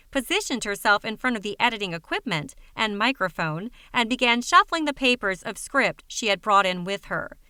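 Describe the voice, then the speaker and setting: A woman narrating an audiobook in an even, wry storytelling manner on a close studio mic. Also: fairly high pitch, smooth, dry recording.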